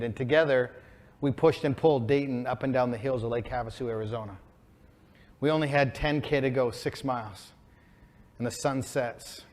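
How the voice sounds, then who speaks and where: A man in his forties telling an emotional, inspiring story on stage as a keynote speaker, building to excited peaks. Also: mid-range voice. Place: stage before a live audience.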